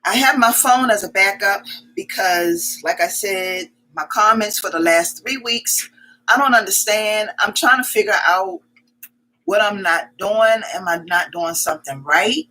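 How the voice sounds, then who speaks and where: A woman hosting a casual livestream, chatting and greeting viewers one by one, repeating her welcomes in quick strings. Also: mid-range voice, lively intonation, bright, forceful tone, low-quality recording. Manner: greets viewers by name as their comments arrive. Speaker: livestream host. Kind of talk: casual live-stream chat.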